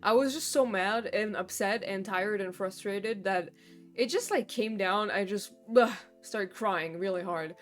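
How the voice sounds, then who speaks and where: A woman's voice: medium pitch, unhurried. A young woman streamer in casual chat, venting in long rambling runs full of fillers and swearing. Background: faint background music.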